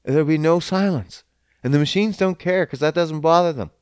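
A man's voice: on the high side, a little fast, a little mellow, clean tone, dry recording, clean studio sound. A man in a casual, profane rant who swears often and slips into mocking voices. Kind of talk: casual ranting monologue.

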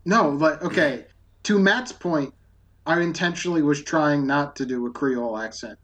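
A man co-hosting a podcast, excitable and laughing often in casual chat. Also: fairly high pitch, normal speed. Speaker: podcast co-host.

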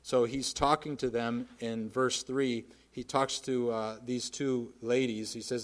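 A man's voice: medium pitch, little pitch movement, unhurried, few pauses. Earnest male preacher delivering a sermon. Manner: emphatic, swings from loud to quiet.

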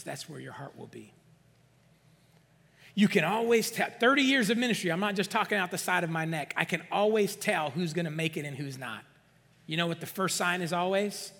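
A man's voice: fairly high pitch, gravelly, a bit bright, slightly rough. A middle-aged man preaching a sermon as pastor, emphatic, calling for amens and acting out the excuses of doubters. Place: church sanctuary. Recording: long hall reverb.

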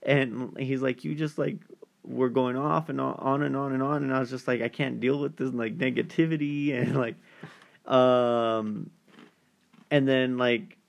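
A man tells a long, rambling story in casual chat, his voice carrying a gravelly fry. He leans on fillers and slips into the voices of the people he describes. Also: mid-range voice, steady tone, unhurried. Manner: rambling storyteller, many fillers, acts out quoted callers.

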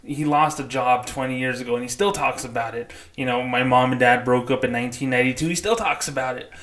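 A man's voice: mid-range voice, steady tone, fast, fairly bright tone. A man delivering a casual ranting monologue as a former bank employee, blunt and profane, often stopping to say "okay?". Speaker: former bank employee turned customer advocate.

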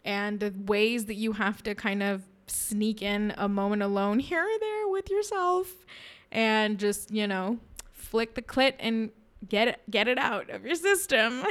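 A woman's voice: medium pitch, expressive, measured pace. Frank, laughing young woman. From India. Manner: frank, laughs often, self-conscious. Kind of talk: candid personal monologue.

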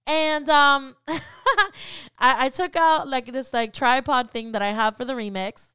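A woman's voice: high voice, fairly even intonation, a little slow, pushed and bright, smooth, dry recording, studio quality. A woman co-hosting a faith podcast, talking in an earnest, encouraging way with lots of "um" and "like". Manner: earnest, encouraging, many "um" and "like" fillers. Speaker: podcast co-host. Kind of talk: personal faith podcast talk.

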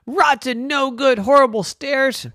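A man voicing an excitable young boy who whines at bumps and squeals in wonder, with high, wide-eyed exclamations. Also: measured pace, dry recording, clean studio sound, full character voice. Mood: whiny.

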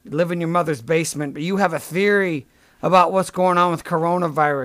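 A man's voice: a little high, fast talker, fairly bright tone. A man hosting a comedy podcast, delivering a sarcastic, profane, rambling rant. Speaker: podcast host.

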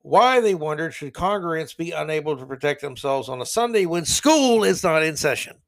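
Casting: male podcast host, blunt and sarcastic opinion commentary, a voice on the higher side. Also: animated, moderate pace, a bit bright.

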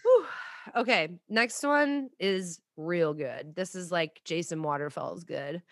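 A woman co-hosting a podcast in casual chat, playful and quick to burst out laughing. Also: fairly low pitch, dry recording, studio quality. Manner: giggly, playful, animated. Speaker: podcast co-host.

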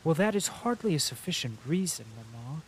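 A man reading an audiobook and voicing a calm, skeptical young aristocrat questioning his mother. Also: a little high, brisk, husky. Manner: cool, questioning. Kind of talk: audiobook character voice.

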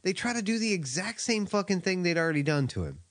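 A man's voice: sits high, animated, fast talker, fairly bright tone, no room sound, clean studio sound. Laid-back man chatting about a movie. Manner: laid-back, rambling, profane, with small laughs. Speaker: podcast co-host. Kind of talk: casual film discussion.

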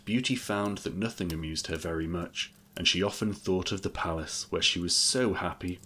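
Man reading a fairy tale, low voice. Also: moderate pace, sharp tone, a little hiss or hum. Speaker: narrator. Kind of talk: storybook reading.

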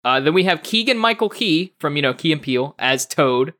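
A young man co-hosting a casual gaming podcast, animated and laughing often, with lots of fillers and restarts. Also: a little high, a little fast. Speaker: podcast co-host.

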